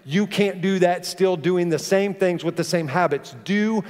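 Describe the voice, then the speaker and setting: A middle-aged man preaching a sermon to a church congregation, telling stories in an animated way and putting direct questions to his listeners. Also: high voice, unhurried. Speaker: pastor. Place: large church auditorium. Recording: long hall reverb of a church auditorium.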